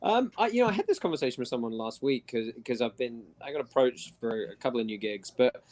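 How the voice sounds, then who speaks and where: A man's voice: mid-range voice, expressive, quick pace, a little mellow. An Englishman with a standard newsreader accent, a broadcaster and guest, chatting casually and laughing easily. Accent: standard southern English, newsreader style. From England. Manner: self-deprecating, laughs easily. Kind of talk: casual chat.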